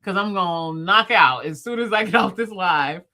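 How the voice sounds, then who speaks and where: A woman in her thirties hosting a livestream, chatting casually with viewers, fast-talking and playful. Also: medium pitch, animated, pushed and bright. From United States. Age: 30s. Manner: talks fast, chatty and playful, laughs often. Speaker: livestream host. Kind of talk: casual live chat with viewers. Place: at home, in bed.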